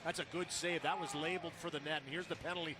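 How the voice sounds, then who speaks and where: A man giving colour commentary on a hockey stream, breaking down plays in a brisk, analytical way over noisy stream audio. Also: fairly high pitch, fairly even intonation, bright, forceful tone.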